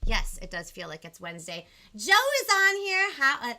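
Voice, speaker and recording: A woman's voice: on the high side, sing-song, moderate pace, sharp tone. A woman hosting a live bilingual children's show, bubbly, counting along and mixing in Spanish words. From Southern California. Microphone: video call.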